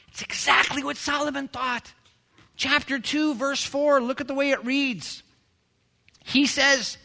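High, bright-voiced joking preacher man. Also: measured pace. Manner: lively, joking preacher who mimics people. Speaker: pastor. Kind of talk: sermon.

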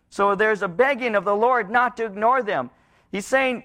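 A middle-aged male pastor preaching a sermon in a church, rising into pleading passages and dropping into low, hushed ones. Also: moderate pace.

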